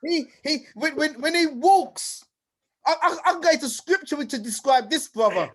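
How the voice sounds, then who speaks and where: A man from the United Kingdom hosting a live online event with lively, hyped-up energy, often calling people "brother" and "King.". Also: extremely high pitch, normal speed. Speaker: host and presenter.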